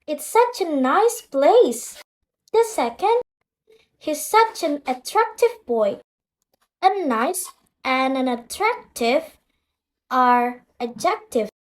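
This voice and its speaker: Slow high-voiced woman teaching grammar. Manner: clear deliberate explaining, reads out example sentences. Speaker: English teacher.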